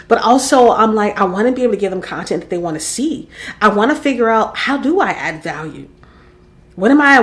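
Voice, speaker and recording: Candid, reflective woman in her forties. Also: medium pitch. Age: 40s. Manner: reflective, rambling, openly vulnerable. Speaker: content creator and podcaster. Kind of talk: candid personal vlog monologue.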